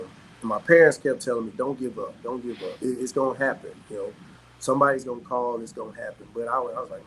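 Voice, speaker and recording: A middle-aged man from South Carolina, telling stories as a guest in casual chat, animated and quick to laugh. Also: mid-range voice, a little hiss or hum, rough recording. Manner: animated, laughs often, peppers talk with "man". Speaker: guest, former pro athlete. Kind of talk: casual storytelling.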